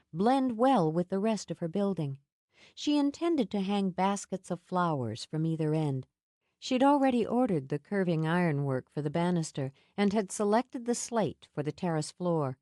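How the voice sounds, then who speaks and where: A woman reading a novel aloud with expressive, storytelling delivery. Her voice sits fairly low yet moves with lively rises and falls, and the recording is dry and close. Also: dry recording. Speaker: audiobook narrator. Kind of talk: scripted narration.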